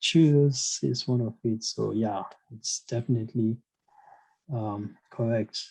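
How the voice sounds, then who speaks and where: Slow, hesitant male language teacher. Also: mid-range voice, creaky, darkish tone, slightly rough, poor audio. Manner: hesitant, many fillers and "you know"; asks learners questions, encouraging. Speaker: German teacher. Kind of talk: online language lesson.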